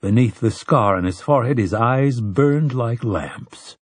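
A man narrates a novel with deliberate pacing and an expressive, rising and falling delivery. His tone is husky and unhurried. The recording is close and completely dry. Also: mid-range voice, no echo. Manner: deliberate storytelling. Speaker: audiobook narrator. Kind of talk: scripted narration.

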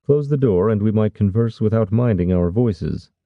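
A man's voice: lowish voice, normal speed, dry recording, narrow, tinny audio, lightly acted. A man voicing a sly, scheming older lord with a wry, scoffing manner.

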